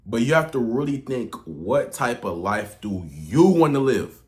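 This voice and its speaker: Young male online coach, unscripted talk-to-camera vlog, heavy slang and cursing, restarts often, swings from mumbling to loud. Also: mid-range voice, very animated, normal speed, hardly any pauses. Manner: slangy, profane, rambling with restarts and swings in loudness. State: out of breath. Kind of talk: casual motivational rant to camera.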